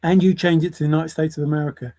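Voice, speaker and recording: Man, video rant, lecturing, repetitive, somewhat high voice, mellow tone. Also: flat delivery, rapid-fire, rough recording. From England. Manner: lecturing, repeats points for emphasis. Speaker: vlogger. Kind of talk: opinion rant to camera.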